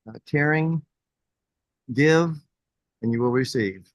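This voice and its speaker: A man guest on a podcast speaking in a calm, gentle manner. The recording is dry, with no room sound. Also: mid-range voice, slow pace, no room sound. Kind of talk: casual interview chat.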